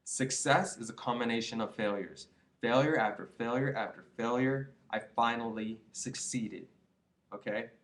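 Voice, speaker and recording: A man's voice: medium pitch, moderate pace, fairly bright tone. A young man in his twenties giving rambling, earnest advice to his viewers in a casual vlog, full of restarts and "you know"s. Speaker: vlogger. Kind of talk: casual advice monologue to camera.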